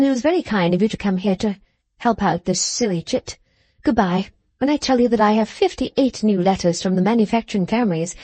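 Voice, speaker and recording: A woman voicing a calm, distracted middle-aged mother who brushes off her daughter with cool composure. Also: mid-range voice, no echo, close to an everyday voice.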